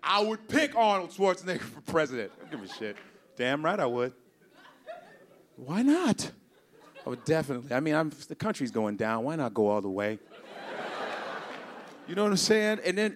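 A man doing loose, profane stand-up comedy with lots of laughing banter. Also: a little high.

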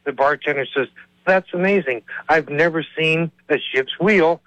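A man's voice: a little high, normal speed, fairly bright tone, no echo. A man calling in to a radio show to tell a joke. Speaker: radio caller. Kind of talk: telling a joke on a call-in. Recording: muffled dry phone line.

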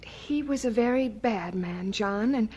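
An actress playing a gentle mother who soothes her son and turns firm when she scolds, in a radio drama. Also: on the high side, a little slow. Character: gentle mother of young children.

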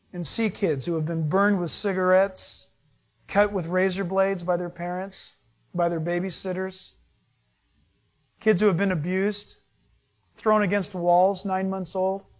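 A man, a pastor, preaching a sermon, lively and joking, acting out little scenes with voices. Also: high-pitched. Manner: animated, acts out voices and jokes with the audience.

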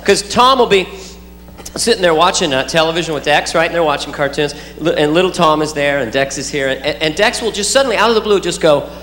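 A man's voice: fairly high pitch, lively intonation, quick pace. A man doing loose, rambling stand-up comedy, breaking into silly noises and impressions. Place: club or theater with live audience. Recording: roomy live hall, audience noise.

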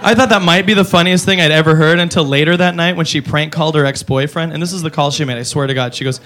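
A man doing a profane stand-up comedy routine, animated and mimicking voices. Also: fairly high pitch, fast talker, few pauses.

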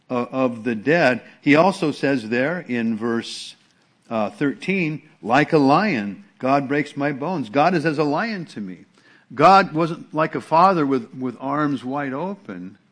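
A man's voice: medium pitch, unhurried, a bit bright. Conversational middle-aged male pastor preaching. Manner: conversational preaching with restarts and emphatic repetition. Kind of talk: sermon.

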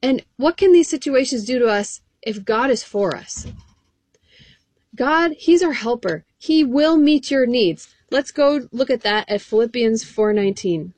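A woman's voice: on the high side, expressive, a little slow, a little mellow, dry recording. A woman preaching a sermon in an earnest way, reading scripture aloud and asking the listeners direct questions.

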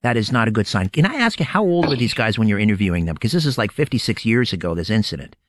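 A man's voice: lowish voice, very animated, quick pace, no room sound. A man hosting an interview who asks his guest short follow-up questions. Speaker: podcast host.

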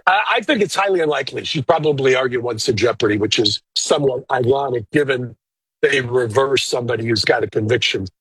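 A man who works as a lawyer, giving blunt, opinionated but measured answers in an interview. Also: medium pitch, fairly bright tone, breathy edge, no echo, rough recording. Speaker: lawyer guest.

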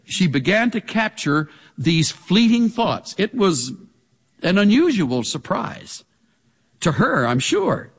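A man preaching a sermon, animated, with pointed rhetorical questions. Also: sits high, takes it slowly, slightly rough. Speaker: pastor. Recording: long hall reverb.

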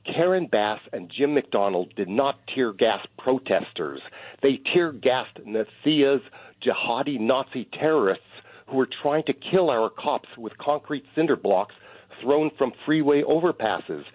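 A man's voice: medium pitch, animated, measured pace, breathy edge, no room sound. A man calling in to a talk radio show, ranting in a bombastic, sarcastic way. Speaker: caller. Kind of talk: heated political call-in rant. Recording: tinny phone line.

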